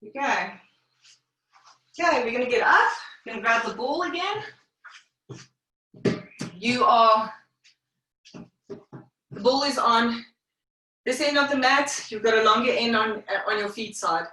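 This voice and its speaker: Breathy pilates teacher woman counting reps. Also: fairly high pitch, animated, slow, long pauses, sharp tone. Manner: counts reps and breath cues in short phrases. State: slightly out of breath. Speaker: pilates instructor. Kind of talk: live online fitness class cueing. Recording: very echoey room, voice far from mic.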